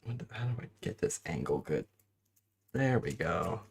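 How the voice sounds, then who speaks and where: Male streamer, gravelly and soft-spoken, chewing gum, giggly casual chat while building. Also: sits low, big pitch swings, moderate pace. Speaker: host.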